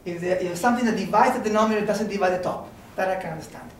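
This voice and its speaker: High-voiced male math lecturer in an echoey room. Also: rapid-fire, far from the mic, slight background noise. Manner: conversational, checks in with "okay?" and "right?". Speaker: university mathematics lecturer. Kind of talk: informal seminar lecture.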